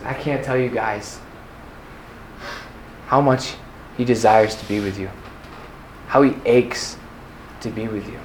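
A man's voice: mid-range voice, steady tone, slow, pauses often, a little mellow, slight background noise. A young man giving an earnest, personal testimony as a retreat speaker, with many fillers. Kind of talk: faith talk to a youth audience. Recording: echoey room with faint ambience.

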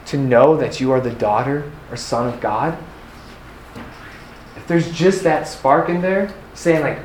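A little slow and mid-range in pitch, a young man delivers an earnest, personal faith testimony as a youth retreat speaker, using many fillers. The echoey room has faint ambience and a little hiss or hum.

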